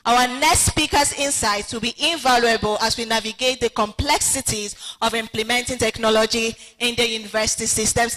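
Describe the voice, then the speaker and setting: A woman's voice: fairly high pitch, fairly even intonation, a little fast, hardly any pauses, pushed and bright. A woman hosting a conference, leading affirmations and introducing speakers with rousing energy. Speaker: event host. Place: large conference hall. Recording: echoey hall with faint music.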